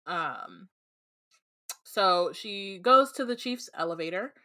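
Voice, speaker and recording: A woman's voice: mid-range voice, lively intonation, takes it slowly, pushed and bright. A woman co-hosting a book podcast, reading a story aloud in a casual way with many ums. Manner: reads with many fillers, laughs easily.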